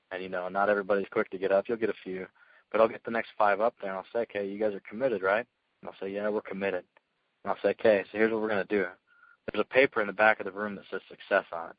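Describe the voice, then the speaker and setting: A man telling his success story as a guest speaker, energetic and earnest, in casual storytelling. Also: lowish voice, no echo, muffled recording. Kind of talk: motivational call talk.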